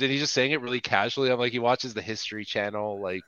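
A man's voice: mid-range voice, steady tone, rapid-fire, hardly any pauses, sharp tone, clear, resonant tone, no room sound, lo-fi sound. Joking young man, dry close mic. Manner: joking, heavy "like" fillers, frequent laughs. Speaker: podcast co-host. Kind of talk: casual chat.

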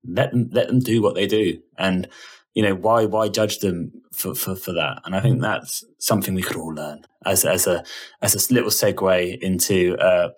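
A male podcast co-host with a very deep voice and a husky edge. He talks thoughtfully, stopping and repeating words as he works through his point. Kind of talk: casual podcast chat.

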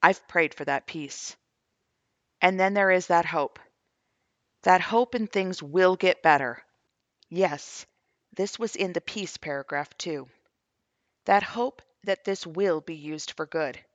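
A woman's voice: fairly low pitch, takes it slowly, long pauses, no echo, dull audio. A middle-aged woman, a grieving mother, reads her own journal posts aloud in an earnest, questioning way as she shares her faith testimony.

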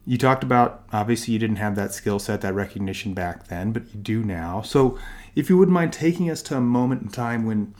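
A man's voice: fairly low pitch, a little fast, a little mellow. A man hosting an interview, affirming his guest and setting up questions with encouragement. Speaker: host.

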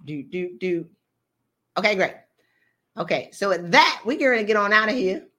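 A woman hosting a podcast, giving a motivational talk in an animated, playful, colloquial way. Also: mid-range voice, moderate pace. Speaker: podcast host.

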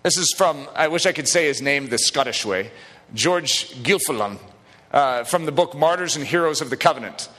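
A fairly high, bright man's voice preaching with big swings in pitch. He is a middle-aged pastor who jokes easily with the congregation, then drives his points home with emphatic declarations. A long reverb trails after him from the sanctuary. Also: normal speed. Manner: lively, jokey preaching that builds to emphatic declarations. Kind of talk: sermon. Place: church sanctuary.

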